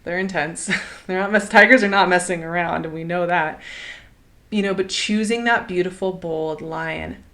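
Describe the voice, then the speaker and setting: A woman's voice: lowish voice, fairly even intonation, moderate pace. A woman giving a casual, encouraging tarot reading, chatty and enthusiastic, often laughing and asking "right?". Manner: chatty, warm and encouraging, many "like" and "right?" fillers. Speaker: tarot reader.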